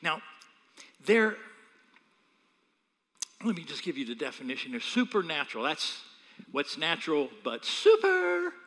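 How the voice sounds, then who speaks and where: Lively, bright-voiced man preaching. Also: a little high, measured pace, long pauses, long reverb tail. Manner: animated, humorous storytelling with mimicked voices. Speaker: pastor. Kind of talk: sermon.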